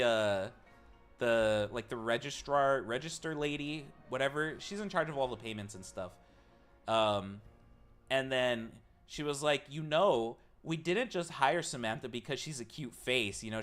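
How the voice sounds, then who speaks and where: A man's voice: medium pitch, fairly bright tone. A man streaming live, casually telling a long story to his chat, swearing freely and acting out the people he quotes.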